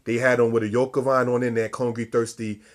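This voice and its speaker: A man's voice: mid-range voice, little pitch movement, fast. A man giving a scripture lesson, preaching style, repeating and stressing key words and calling his listeners brothers and sisters. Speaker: religious teacher.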